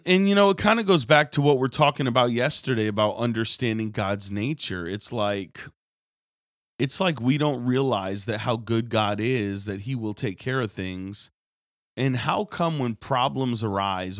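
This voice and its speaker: A low-pitched man delivers a sermon like a radio message, shifting between earnest teaching and animated stories. He imitates complaining people in a high, whiny voice. The recording is close and dry, with no room sound. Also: no echo. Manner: animated storytelling, mimics others in a high whiny voice. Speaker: preacher.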